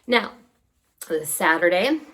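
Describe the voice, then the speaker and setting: A young woman from New York telling stories to camera in a casual, animated way. She moves between hushed asides and excited highs. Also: slow pace. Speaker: vlogger.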